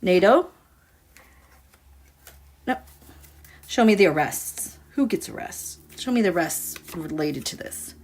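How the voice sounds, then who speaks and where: A woman's voice: fairly low pitch, expressive, takes it slowly, pauses often, darkish tone, slight background noise. A woman giving a casual tarot reading to her viewers, musing and dramatic as she talks through the cards. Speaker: tarot reader.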